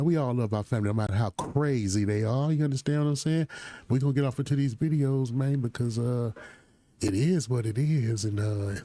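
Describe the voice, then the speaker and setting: A man's voice: medium pitch, dark tone, dry recording. A man hosting a casual reaction commentary, talking loosely in slang. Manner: loose, slangy, talks back to the clips. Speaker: commentary channel host.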